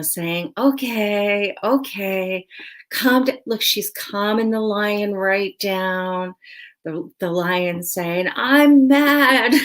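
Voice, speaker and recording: A woman's voice: mid-range voice, a bit bright. A woman hosting a casual tarot reading, talking in a chatty way with lots of "you know" and laughing at herself. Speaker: tarot reader and host.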